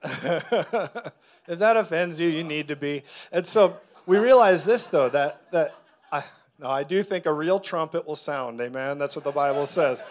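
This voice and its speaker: Preaching man with a fairly high voice. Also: unhurried. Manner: preaching with humor, acting out voices; swings from quiet intensity to loud laughing bursts. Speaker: pastor. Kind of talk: sermon.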